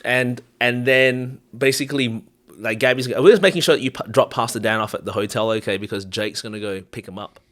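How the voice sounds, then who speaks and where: A man who is a guest preacher, chatting casually on a podcast, telling animated stories, laughing often and acting out other people's lines. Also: medium pitch, fairly quick. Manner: acts out others' lines in quotes.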